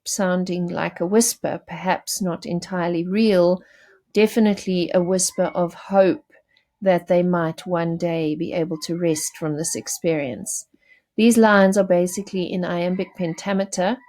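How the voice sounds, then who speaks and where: This woman speaks in a somewhat low, slightly mellow voice. She's a teacher in a recorded lesson, talking straight to her students as she explains poetry, with fillers and self-corrections along the way.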